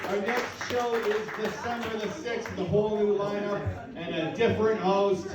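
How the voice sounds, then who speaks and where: A man's voice: high voice, fairly even intonation, moderate pace. A man hosting a comedy show in a bar, casually announcing the next date. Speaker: show host. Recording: echoey bar from far off with loud crowd.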